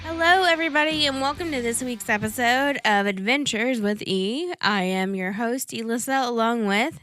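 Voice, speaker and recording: A woman's voice: on the high side, normal speed, a bit bright, dry recording, soft background music. A woman hosting a podcast in casual chat, bantering bluntly and joking. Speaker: podcast host.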